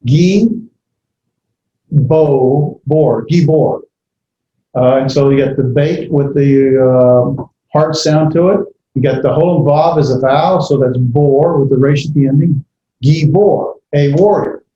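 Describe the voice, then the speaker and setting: A man teaching a Hebrew grammar lesson in a halting way, with many fillers and self-corrections as he walks through examples. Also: medium pitch, mellow, slight background noise. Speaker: Hebrew instructor. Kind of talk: classroom lecture. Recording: dull, roomy lecture recording.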